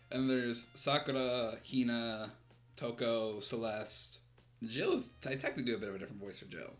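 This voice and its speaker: A man's voice: mid-range voice, a bit bright. A man streaming a video game, chatting casually and laughing at his own voices between reading the dialogue aloud. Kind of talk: let's-play commentary and voicing game dialogue.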